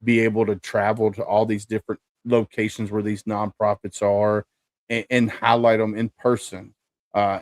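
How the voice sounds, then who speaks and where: A man's voice: fairly low pitch, dry recording, clean studio sound. A middle-aged man hosting a podcast, upbeat and enthusiastic with his guests. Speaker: podcast host. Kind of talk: casual interview chat.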